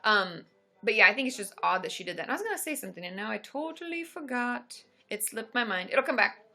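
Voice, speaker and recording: A woman therapist hosting a casual live stream, chatting upbeat and answering viewer questions with lots of quick asides. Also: a little high, expressive, sharp tone.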